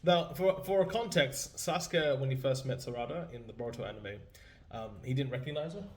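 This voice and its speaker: A man hosting a casual meme review, joking and laughing often as he reacts. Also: medium pitch. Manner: laughs often, jokey, acts out quick silly voices. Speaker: host.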